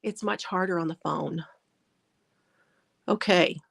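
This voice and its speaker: A woman drawls along at an easy, unhurried pace as she hosts a casual crafting livestream. She chats and laughs often, greeting each viewer by name. Her voice is picked up on a phone mic. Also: lowish voice, creaky, a bit bright, husky. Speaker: crochet livestream host.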